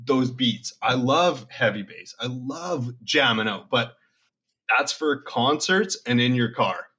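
Young man, casual chat, profane rambling stories, husky tone. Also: medium pitch, expressive, slow, sharp tone. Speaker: podcast co-host.

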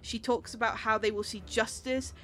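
A woman narrating a tabletop game as game master, chatty, with many fillers and quick laughs. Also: on the high side, fairly even intonation, fairly bright tone.

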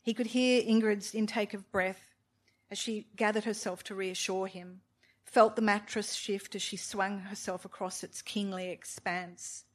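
Woman reading her novel out loud, mid-pitch voice, measured and expressive, drops in little asides. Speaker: reader of a novel.

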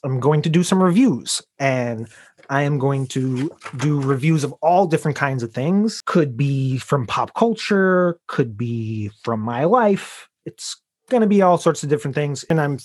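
A man from Chicago co-hosting a podcast, easygoing and quick to laugh as he introduces segments. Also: fairly high pitch, lively intonation, darkish tone, husky. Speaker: podcast co-host, bartender. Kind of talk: casual chat and segment intro.

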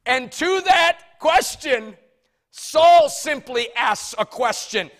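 High bright-voiced preacher man. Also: animated, slow. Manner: dramatic swings from loud shouting to soft asides. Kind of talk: sermon.

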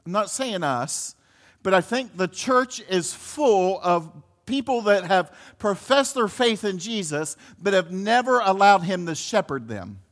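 A man with a fairly high voice delivers a sermon in an easy, conversational way. He circles back and repeats himself as he hunts for the words, and drops in a few small laughs. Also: very animated, measured pace, a bit bright. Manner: conversational preaching with many restarts and laughs. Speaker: pastor.

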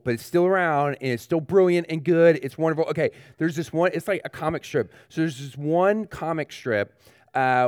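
A man's voice: mid-range voice, a little mellow, no room sound, clean studio sound. A male pastor giving a children's sermon, asking the kids questions and talking to them directly.

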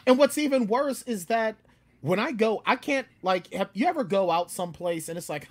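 An animated man chatting as a guest author. His pitch swings widely and he breaks into loud, ranting put-on voices. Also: normal speed. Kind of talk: casual chat.

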